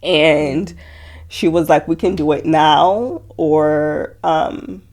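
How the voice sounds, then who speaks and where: A young woman telling her story as a guest in an interview, speaking softly with many fillers and quoted dialogue. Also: deep voice, extremely slow. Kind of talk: emotional personal interview.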